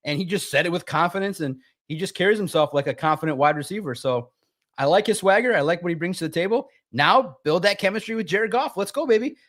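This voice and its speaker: Animated man talking football. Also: fast. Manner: animated, emphatic, jumps into sharp high pitch for emphasis. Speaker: sports show co-host. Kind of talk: casual sports talk.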